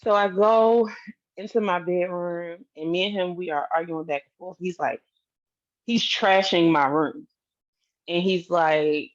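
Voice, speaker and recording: A woman's voice: on the low side, sing-song, a little slow, pauses often, dull audio. Candid woman telling her story. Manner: candid, swears freely, talks straight to the audience. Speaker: vlogger. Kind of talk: casual storytelling to viewers.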